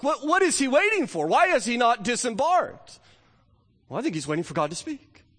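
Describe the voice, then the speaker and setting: Man preaching in a reverberant hall. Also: high-pitched. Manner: earnest preaching, rising to emphatic questions and dropping to soft, slow storytelling. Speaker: pastor. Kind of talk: sermon.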